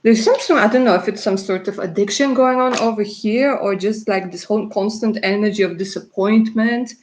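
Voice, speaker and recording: A woman from Russia doing live-stream tarot readings, chatty and warm in her words, laughing often and calling viewers darling. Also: medium pitch, a little fast. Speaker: tarot reader.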